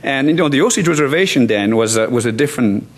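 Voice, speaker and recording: A man's voice: mid-range voice, expressive, fast. A law professor in his sixties, from France, giving a conference talk with many restarts, fillers and wry asides. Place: conference hall.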